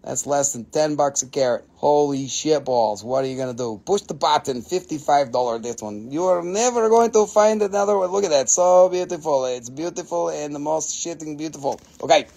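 A man with an Appalachian accent hosting a live mineral sale, excitable and jokey, swearing casually as he talks. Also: on the high side, normal speed, vocal fry, hardly any pauses.

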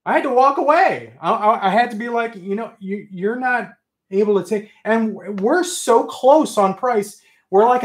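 Male livestream host, excitable and ranty, high lively voice. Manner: excitable, ranting, says friggin' often. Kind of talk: casual livestream chat.

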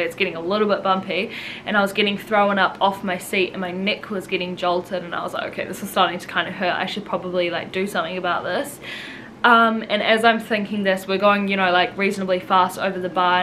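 Young woman, vlogger, casual storytelling, rambling, emotional, medium pitch, faint background hiss. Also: a bit bright, rough recording. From New Zealand. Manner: rambling, heavy use of "like" and "um", emotional.

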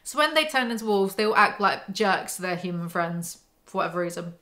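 Young woman roasting a book on her channel, sarcastic and exasperated, mid-pitch voice, close mic. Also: steady tone, a little fast, bright, forceful tone. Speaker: book commentary host. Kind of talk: reading from a novel with sarcastic commentary.

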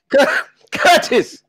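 Guy hosting, high voice, jokey and teasing, dry close sound. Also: a bit bright, no room sound. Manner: joking, teasing, stumbling restarts. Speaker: host. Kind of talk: casual chat on a live show.

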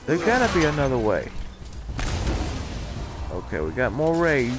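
Slow, very animated trash-talking gamer. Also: mid-range voice. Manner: trash-talking, excitable, talks to the game. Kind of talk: casual gameplay commentary. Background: game music and sound effects.

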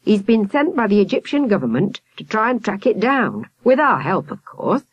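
A woman's voice: medium pitch, big pitch swings, moderate pace, a little mellow, no echo, lo-fi sound, voice pushed up. A woman voicing a stern, self-important male police sergeant in a storybook.

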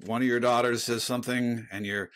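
A middle-aged man talking as a guest on a podcast. He speaks in an earnest, reflective way, and his pitch sits in a middle range. It is a plain conversational voice. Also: little pitch movement, fairly quick, fairly bright tone. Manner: earnest, reflective, faith-based talk. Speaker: guest author.

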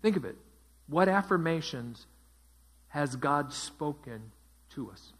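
A man's voice: a little high, lively intonation, slow pace, a bit bright. A man teaching a Bible study as pastor, asking his group questions and repeating their answers. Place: church.

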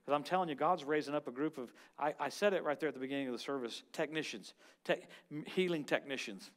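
A man preaching at a church service as a guest minister. His delivery is animated and charismatic, jumping from loud exclamations to quiet, murmured prayer. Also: a little high, fast.

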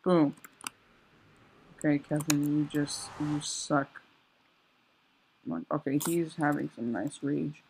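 A young man giving casual, excitable commentary while he plays a survival game, exclaiming and joking sarcastically. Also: on the high side, takes it slowly, creaky, long pauses, a little hiss or hum, poor audio. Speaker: gameplay commentator.

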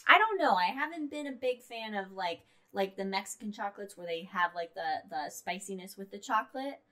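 A woman's voice: mid-range voice, animated, brisk, a bit bright. A woman co-hosting a podcast in casual chat, playful and full of fillers. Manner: chatty, playful, many fillers. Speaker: podcast co-host.

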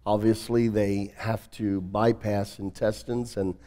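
Pastor guy hosting an interview, low dark voice, chatty. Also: little pitch movement, slow pace. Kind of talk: church talk-show interview.

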